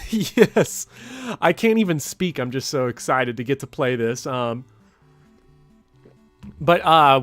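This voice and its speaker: A young man hosting a let's play, excitable and dramatic, often laughing as he reacts to the game. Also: fairly high pitch, dry recording. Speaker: gaming channel host.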